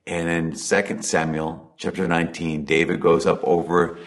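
A man giving a conversational sermon, talking earnestly and dropping to soft emphasis on key points. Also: low voice, little pitch movement, moderate pace. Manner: earnest, builds intensity then drops to soft emphasis. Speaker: preacher.

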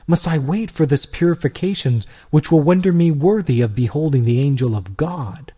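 A man reading aloud, voicing an eager young male Roman pagan who asks excited, pleading questions. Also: a little high, moderate pace, breathy edge, voice pushed up. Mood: eager wonder. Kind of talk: storybook reading.

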